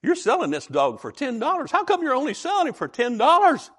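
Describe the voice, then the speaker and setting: A man's voice: very high voice, wildly swooping pitch, a little fast, a bit bright, husky, pitched above the performer's own voice, exaggerated voice. A man voicing an amazed motorist in a joke, exclaiming in astonishment. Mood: astonished. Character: amazed excited male motorist.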